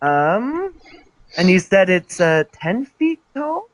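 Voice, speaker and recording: A man's voice: sits high, very animated, slow, dry recording. A man playing a tabletop game, asking questions hesitantly between his moves. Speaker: player.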